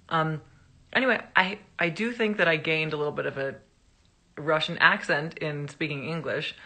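A woman's voice: sits low, creaky, sharp tone. A woman chatting casually to fans on a phone live stream, rambling through anecdotes and laughing as she talks.

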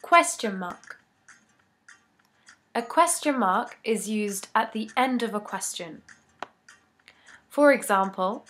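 A woman reads out an English grammar lesson at a slow, unhurried pace. Her voice sits at a middle pitch, and she delivers each rule and example in a measured, deliberate way. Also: lively intonation, a bit bright. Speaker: English teacher.

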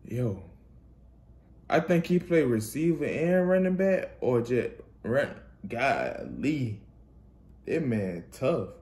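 Young man, casual highlight reaction, unhurried talk, excited outbursts, mid-pitched voice. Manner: excitable, loud exclamations over plays. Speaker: reaction channel host.

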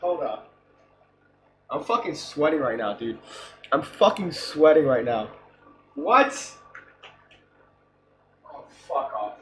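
Man, casual vlog chat, swearing, excitable, unhurried, faint noise behind. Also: medium pitch. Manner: swearing, excitable, laughs loudly. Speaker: vlogger.

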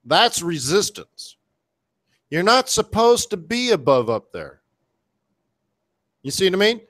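Trading coach, male, slightly high voice, excitable, slangy, talking over a webcam stream. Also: slow. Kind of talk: live trading commentary. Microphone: webcam setup.

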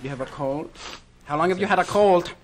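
A man's voice: sits high, a little fast, slight background noise, close to an everyday voice. A man playing a suspicious German customs officer in a live comedy sketch, barking out interrogating questions.

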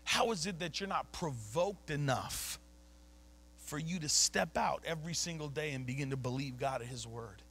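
A man's voice: on the high side, normal speed, fairly bright tone, slight background noise. A man preaching a sermon as a pastor, emphatic and conversational, dropping casual slang between points. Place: church sanctuary.

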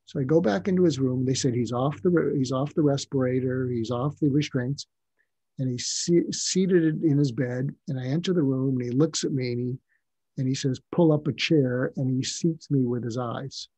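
An older man speaks with a husky, mellow voice in a dry, close sound. He is a psychiatrist telling stories as an interview guest, reflective and halting, circling back on his words. The delivery is unhurried and thoughtful. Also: mid-range voice, no echo. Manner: reflective, halting storyteller with restarts. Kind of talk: storytelling in a conversational interview.

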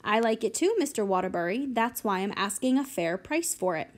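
A woman's voice: mid-range voice, expressive, brisk, lightly acted. A woman reading an audiobook, voicing a stern, stubborn elderly homeowner who talks curtly. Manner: curt, snapping.

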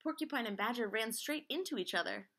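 A woman reading a picture book aloud in a lively way, singing out sound effects as she goes. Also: on the high side, brisk, slight background noise. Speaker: reader.

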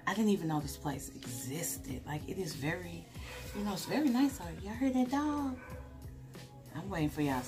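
A young woman chatting emotionally with viewers, vlogging on a handheld phone inside an animal hospital. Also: deep voice. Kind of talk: casual vlog chat.

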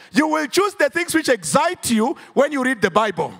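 A man's voice: very high voice, very animated, normal speed, vocal fry, fairly bright tone. A man with a Ugandan English accent preaching a sermon in church, drawing call-and-response from the congregation and rising into sing-song emphasis. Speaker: pastor.

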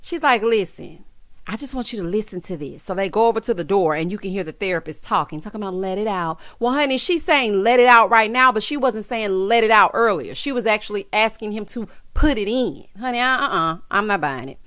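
Sassy, animated woman recapping a TV show. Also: mid-range voice, fairly quick, dry recording, clean studio sound. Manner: sassy, animated, calls the listener child and honey; mimics the characters in quoted asides. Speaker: TV recap host. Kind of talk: casual recap commentary.

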